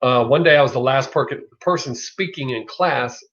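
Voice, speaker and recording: In a mid-range, slightly bright voice at a moderate pace, a middle-aged livestream host with a Southern US accent chats casually. His talk meanders, peppered with swearing and frequent laughter. The audio is lo-fi and dull.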